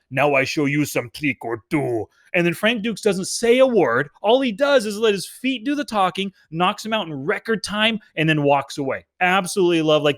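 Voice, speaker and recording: A man's voice: a little high, fairly bright tone, dry recording, clean studio sound. A man co-hosting a movie review podcast, chatting in an enthusiastic, easygoing way and laughing often. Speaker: podcast co-host. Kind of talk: casual movie review chat.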